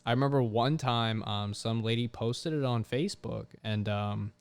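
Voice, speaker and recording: A young man hosting a podcast, telling stories in a casual, profane, animated way. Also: medium pitch, moderate pace, smooth. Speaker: podcast host. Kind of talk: casual chat.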